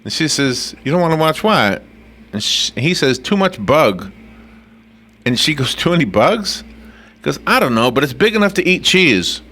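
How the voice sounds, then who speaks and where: A man's voice: fairly high pitch, moderate pace. A man hosting a radio chat show, retelling funny stories and acting out the quotes with frequent laughter. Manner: animated storyteller, acts out quotes, laughs often.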